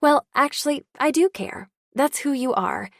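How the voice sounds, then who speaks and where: In an audiobook, a woman voices an earnest, apologetic teenage girl, raising her pitch above her own natural voice. The delivery is high and lively at a moderate pace, slightly bright, and recorded dry in studio quality.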